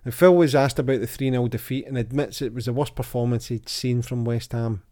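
A man's voice: medium pitch, fairly quick. A man hosting a casual football chat, reading out old quotes and quizzes. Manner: chatty, reads quotes aloud with lively voices. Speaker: podcast host.

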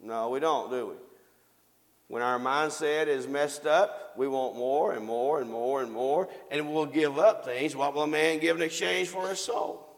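A man's voice: a little high, unhurried, in a large hall. A man preaching a sermon, reading scripture aloud and asking the congregation questions that he answers himself.

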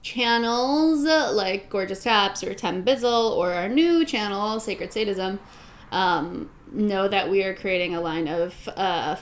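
A woman hosting a casual chat, speaking in an earnest, reflective way and thinking out loud. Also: mid-range voice, slow pace. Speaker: host.

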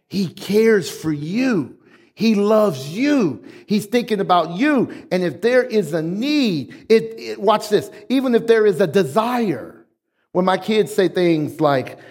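A male pastor delivers an emphatic sermon, drawing the congregation into call-and-response. His voice sits high for a man. The sound rings with the long echo of a large church hall. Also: animated, slow pace. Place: church sanctuary. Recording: echoey hall.

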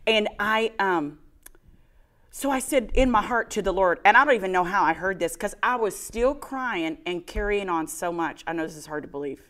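A woman co-hosting a casual faith talk, telling a personal testimony with lively storytelling and a put-on whiny voice for her past self. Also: medium pitch, moderate pace. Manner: animated storytelling, mimics her own whiny crying voice. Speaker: co-host sharing a testimony.

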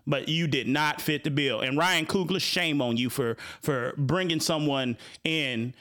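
A man's voice: a little high, unhurried, sharp tone. A man with a Chicago accent hosting a casual talk show, speaking animatedly with frequent repeated words and restarts. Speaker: host.

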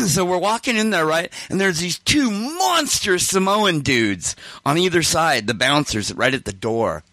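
Male guest, chatty storyteller, swoops all over with pitch, dry close sound. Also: moderate pace, dry recording. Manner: animated, acts out every voice in his anecdotes. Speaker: interview guest. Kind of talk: casual storytelling.

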